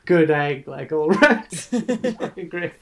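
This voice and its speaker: A man's voice: fairly high pitch, lively intonation, takes it slowly, a bit bright, a little hiss or hum. A man in a casual podcast chat, gushing enthusiastically and swearing freely.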